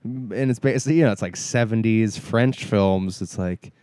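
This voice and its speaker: A man's voice: lowish voice, moderate pace, a little mellow, clear, resonant tone, no echo, studio quality. A man co-hosting a casual movie review chat, rambling and acting out mocking quotes with a laugh. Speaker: podcast co-host.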